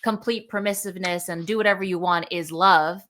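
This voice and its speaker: Bright-toned emphatic woman. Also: on the low side, brisk. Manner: emphatic, animated, filler-heavy. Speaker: podcast host. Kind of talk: conversational podcast chat.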